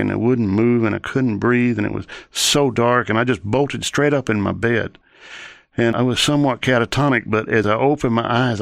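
Low gravelly guy, dry close sound, earnest storytelling. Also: dry recording. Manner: earnest storyteller, long chained sentences. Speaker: interview guest telling his testimony. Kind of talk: personal testimony in an interview.

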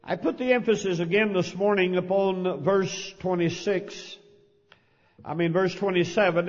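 A man, a pastor, reading scripture, praying and preaching a sermon in an earnest, measured way in a church. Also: high voice, steady tone. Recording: lo-fi audio with long hall reverb.

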